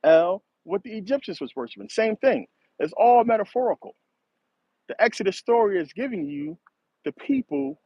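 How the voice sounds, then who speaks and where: A man's voice: sits high, slightly rough, no echo. A man hosting a casual monologue, rambling, cursing a lot and laughing often. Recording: dull, slightly lo-fi dry recording.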